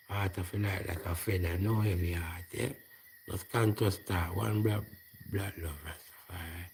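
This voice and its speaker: A man's voice: sits low, gravelly, a little hiss or hum. A Jamaican man talking to camera in a loose, rambling monologue full of patois fillers, outdoors at night. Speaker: vlogger.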